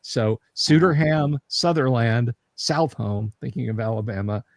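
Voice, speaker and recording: Halting Southern American man hosting. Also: medium pitch, dry recording, studio quality. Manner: rambling, halting with repeated words and joking asides. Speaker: livestream host. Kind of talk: casual livestream chat.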